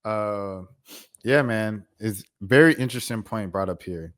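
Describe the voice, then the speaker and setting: Laid-back young man, lowish voice. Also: unhurried, fairly bright tone. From United States. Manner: laid-back, reflective, conversational. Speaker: vlogger. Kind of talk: casual commentary to camera.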